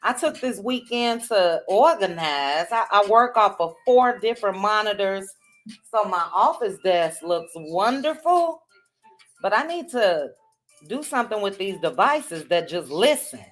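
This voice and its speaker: A woman hosting a livestream, greeting viewers by name in a casual chat with drawn-out, chatty greetings. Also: mid-range voice, animated, soft background music. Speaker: livestream host.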